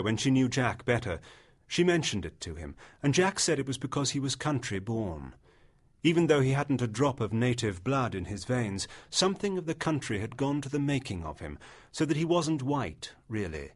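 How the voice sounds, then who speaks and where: A man narrating a literary short story as an audiobook, in a measured storytelling manner. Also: medium pitch, sing-song, slightly rough.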